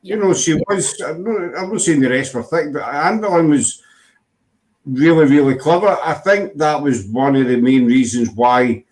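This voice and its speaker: A man's voice: a little high, normal speed, darkish tone. Glaswegian man chatting casually. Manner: rambling, full of fillers and restarts. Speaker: host. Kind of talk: casual chat.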